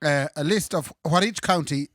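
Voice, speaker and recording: A man's voice: fairly high pitch, normal speed, dry recording, clean studio sound. A man with an Irish accent co-hosting a podcast, joking and laughing through casual chat. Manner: joking, laughs often, animated. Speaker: podcast co-host.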